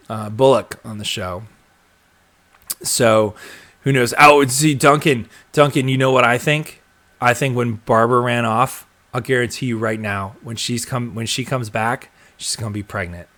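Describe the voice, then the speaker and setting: A young man chats loosely on a live stream, stopping often for ums and uhs and starting sentences over. His voice sits at an ordinary, middling pitch for a man, and his delivery stays relaxed and unscripted. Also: measured pace. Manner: rambling, filler-heavy, chuckles and trails off. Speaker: host of a live show reading viewer comments. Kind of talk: casual live-stream chat.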